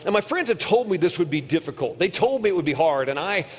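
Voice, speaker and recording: Male preacher, fairly high voice, earnest storyteller, long hall reverb. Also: very animated, quick pace, slightly rough. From United States. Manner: earnest storytelling, drops quiet on painful moments. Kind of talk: conference sermon with personal story. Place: large hall.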